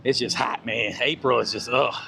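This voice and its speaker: A man's voice: mid-range voice, fairly even intonation, normal speed, vocal fry, background noise. A man walking outdoors on a live stream, chatting casually with viewers and greeting them by name. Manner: laid-back, greets chat viewers by name. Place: outdoors on a walk.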